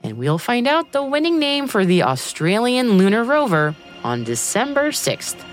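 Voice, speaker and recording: A woman's voice: fairly high pitch, sing-song, normal speed, faint music behind. A woman hosting a news podcast, reading a script with a chatty, joking manner. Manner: chatty, jokey asides. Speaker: podcast host.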